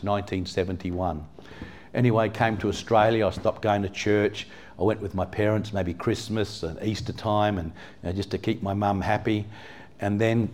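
An English-born man with a fairly low voice preaches to his congregation in a church. His delivery is loose and conversational. He leans on "you know" and turns to the pews with questions. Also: darkish tone. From England. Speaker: pastor. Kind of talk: sermon.

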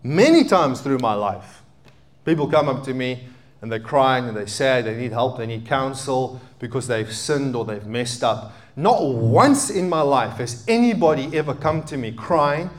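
Animated preaching man in his thirties. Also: medium pitch, unhurried. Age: 30s. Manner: animated preaching, swings from loud emphatic peaks to quiet asides. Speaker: pastor. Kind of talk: sermon.

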